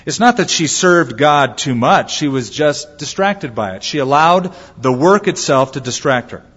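A man's voice: on the high side, animated, moderate pace, fairly bright tone, husky. A man preaching a sermon as a pastor, acting out quoted voices as he goes. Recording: lo-fi with long hall reverb.

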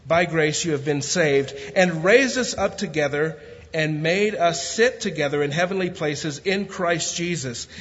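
A guest pastor whose voice sits a bit high for a man preaches in a large church, reading scripture steadily before moving into easy jokes and increasingly fervent preaching. He has what he calls a country way of talking. Long hall reverb trails his phrases, and the sound is slightly dull.

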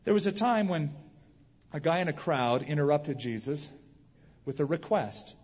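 A man preaches a sermon, retelling scripture with lively storytelling and voicing the people he quotes. His voice sits a little high and slightly husky. The recording is muffled and carries the long reverb of a church hall. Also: normal speed. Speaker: pastor.

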